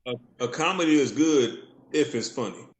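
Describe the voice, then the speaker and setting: A man with a middle-pitched voice co-hosting a podcast in casual chat. He jokes around and laughs easily. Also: normal speed. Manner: joking, laughs often. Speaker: podcast co-host.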